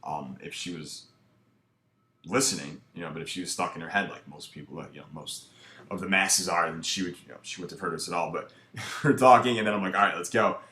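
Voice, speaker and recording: A man's voice: deep voice, a little fast, bright, forceful tone. A man coaching casually, breaking down footage with a laid-back, filler-heavy way of talking. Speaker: dating coach. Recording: echoey room.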